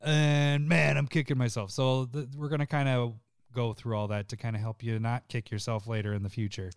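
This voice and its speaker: A man's voice: medium pitch, steady tone, fairly quick, darkish tone, clean tone, no echo, studio quality. A man co-hosting a podcast in casual chat, joking and laughing often. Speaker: podcast co-host.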